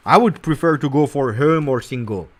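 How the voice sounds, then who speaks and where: Animated man talking football. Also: medium pitch, moderate pace. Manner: animated, teasing, swings from loud to muttered. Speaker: football channel host. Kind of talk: casual live commentary.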